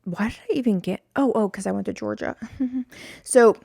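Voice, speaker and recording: Chatting alone on the podcast she hosts, this woman is self-deprecating and rambly, often going off on side tracks. She speaks at normal speed in a mellow, medium-pitched voice with vocal fry, recorded in studio quality without echo.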